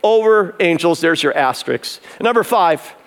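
A man's voice: a little high, expressive, moderate pace. A man pastor preaching an emphatic sermon that builds in intensity, in a converted barn used as a church.

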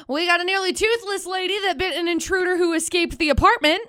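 A woman co-hosts a radio show from the studio, bluntly pushing back on her partner with firm opinions. Her voice is high. The studio microphone sound is dry and close. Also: bright, forceful tone, no room sound. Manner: blunt, opinionated, quick to object. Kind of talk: casual morning radio banter.

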